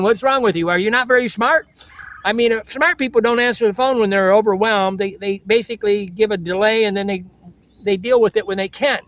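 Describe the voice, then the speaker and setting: An older man talks straight to his vlog audience in a high-pitched voice. His delivery is blunt and preachy, and he keeps circling back to the same catchphrases. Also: a bit bright. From United States. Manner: blunt, lecturing, repeats slogans. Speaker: travel vlogger. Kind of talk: blunt motivational monologue.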